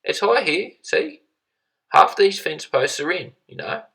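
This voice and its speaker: A man's voice: fairly high pitch, sing-song, measured pace, creaky, sharp tone, husky, recorded from a distance, voice pushed up, full character voice. A man doing a chirpy English neighbour. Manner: chirpy, chatty.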